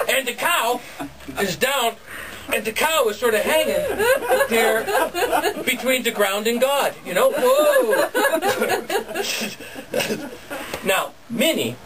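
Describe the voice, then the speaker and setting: A man telling a folktale live at a bookstore, animated and chuckling, with sound effects. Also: sits high. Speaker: storyteller. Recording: distant camera, noisy bookstore.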